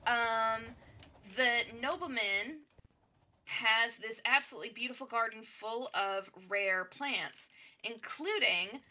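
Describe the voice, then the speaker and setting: Chatty bright-voiced woman gamer. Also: fairly high pitch, slow. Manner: chatty, animated, many fillers. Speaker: gaming streamer. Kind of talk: casual storytelling while playing a game.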